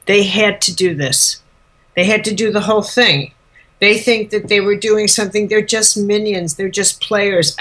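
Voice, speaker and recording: A woman voicing a calm, defiant male religious teacher who speaks bluntly and unhurriedly, in close to her own voice. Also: medium pitch, close to an everyday voice. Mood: forgiving.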